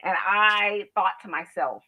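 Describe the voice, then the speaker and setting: A woman's voice: mid-range voice, expressive, unhurried, sharp tone. A woman speaking as a guest over a video call, telling her story in an earnest, chatty way with frequent "you know"s. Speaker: guest, founder of a kindness initiative. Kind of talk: casual interview monologue. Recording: dull lo-fi video call audio.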